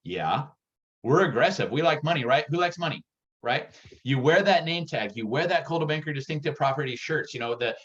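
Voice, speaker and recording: An energetic man giving a workshop presentation as a real estate sales coach, talking in an excitable, punchy and direct way. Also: fairly high pitch, a little fast, a little hiss or hum. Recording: dull lo-fi recording.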